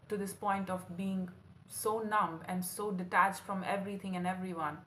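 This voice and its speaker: A woman's voice: fairly low pitch, a bit bright. A woman doing a tarot reading for her viewers, earnest and emotional, calling the listener honey. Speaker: tarot reader. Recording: roomy echo, faint room noise.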